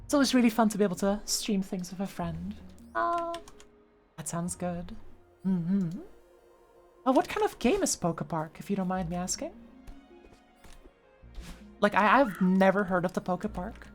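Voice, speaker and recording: A woman streamer chats casually in a mid-pitched voice, pausing and restarting as she goes. She reads chat aloud and fills gaps with little fillers. Faint music plays behind her. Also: expressive. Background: faint background music.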